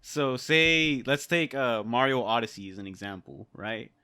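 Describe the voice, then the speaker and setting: A man's voice: medium pitch, animated, moderate pace, bright, forceful tone, smooth. A man co-hosting a casual podcast, emphatic and slangy, swearing freely. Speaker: podcast co-host. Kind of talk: casual chat.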